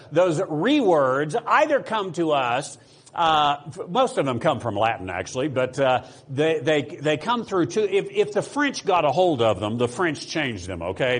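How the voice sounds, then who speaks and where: An American pastor with a mid-range, slightly rough voice preaches a sermon. He talks casually to the congregation, using fillers, restarts and rhetorical questions.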